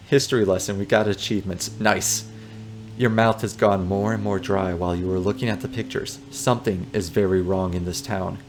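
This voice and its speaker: A man's voice: low-pitched, fairly even intonation, normal speed, a little hiss or hum. A man playing a text adventure, reading the narration aloud and adding amused, joking asides. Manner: amused, joking asides between read passages. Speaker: let's player.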